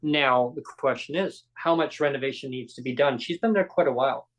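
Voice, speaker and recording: In this poorly recorded clip, a podcast host with a mid-range voice talks slightly fast. He tells a lively story during a casual chat, acting out each character's lines.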